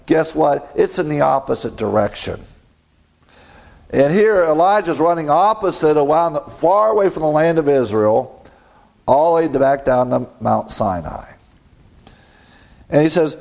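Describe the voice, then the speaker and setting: A man's voice: on the high side, animated, measured pace, gravelly, darkish tone. A man preaching a sermon, reading scripture and adding conversational asides with frequent chuckles.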